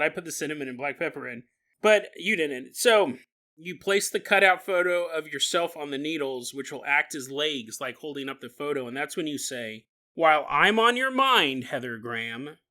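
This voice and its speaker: High, bright-voiced jokey podcast man. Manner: jokey, laughs often, riffs while reading aloud; mock-dramatic voices for imagined people. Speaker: podcast host. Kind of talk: comedic podcast monologue.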